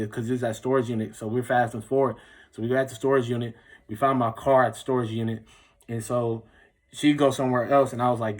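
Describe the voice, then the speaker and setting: A man's voice: mid-range voice, a bit bright. A young man, telling a personal story in a rambling, casual way full of filler words. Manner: rambling, heavy use of "like" and "bro". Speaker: vlogger.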